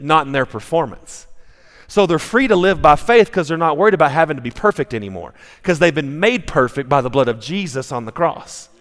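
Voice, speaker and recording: A man's voice: a little high, fairly bright tone. A male pastor preaching a sermon, telling stories in a conversational way with frequent restarts. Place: church sanctuary. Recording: long reverb of a church hall.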